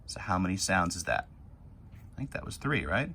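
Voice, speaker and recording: In a very animated phonics lesson for young children, a male teacher with a low, creaky, bright, and forceful voice patiently elongates words letter by letter. Faint noise can be heard behind him.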